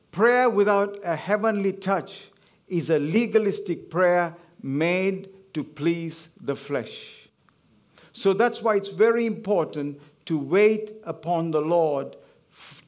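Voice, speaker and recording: High-voiced emphatic male preacher. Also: slow pace. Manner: emphatic, repetitive call-and-response preaching. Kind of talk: sermon.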